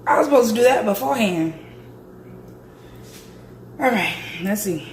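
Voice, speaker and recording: Woman, raspy deep voice, hoarse, chatty vlogger, echoey room, faint noise. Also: lively intonation, normal speed. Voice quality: raspy, deep from sore throat. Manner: chatty, talks straight to viewers. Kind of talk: casual vlog chat.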